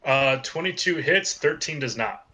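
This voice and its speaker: A man running a tabletop game as game master, giving dry, deadpan rulings. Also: fairly high pitch, a little slow. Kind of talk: running a tabletop game over a live stream.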